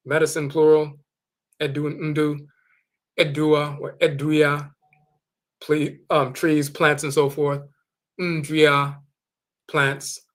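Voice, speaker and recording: A man with a slightly higher voice gives a measured teaching talk. He carefully sounds out foreign words and repeats them for his listeners. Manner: slow, deliberate, repeating words for emphasis. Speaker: teacher of Akan spiritual tradition. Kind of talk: explanatory lecture with dictionary readings.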